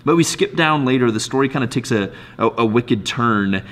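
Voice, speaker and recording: A man gives a short daily devotional as a pastor. His voice sits at an ordinary middle pitch, and he speaks in an earnest, conversational way. He often restarts his phrases and checks in with the listener. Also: lively intonation, normal speed, a bit bright. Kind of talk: devotional sermon.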